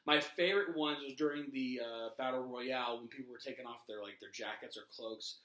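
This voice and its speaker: A man co-hosting a casual wrestling podcast, telling animated stories, laughing and swearing casually. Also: medium pitch, a little fast, reverberant. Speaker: podcast co-host. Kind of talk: casual chat about wrestling.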